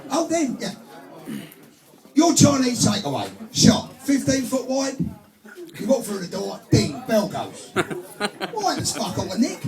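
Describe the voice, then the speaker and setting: A man's voice: extremely high pitch, very animated, a little slow, darkish tone. A man in his forties with an English accent, doing a crude, blokey stand-up routine to a live audience. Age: 40s. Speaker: stand-up comedian. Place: club stage before a live audience. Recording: echoey club with music and crowd.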